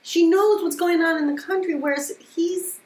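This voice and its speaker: A woman's voice: very high voice, steady tone, moderate pace, darkish tone. A woman co-hosting a casual reaction chat, earnest and opinionated. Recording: echoey room.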